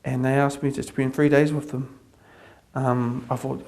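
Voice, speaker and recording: A man with a New Zealand accent giving an earnest personal testimony, repeating phrases as he builds up excitement. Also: mid-range voice, a little slow, vocal fry. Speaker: convert sharing his testimony.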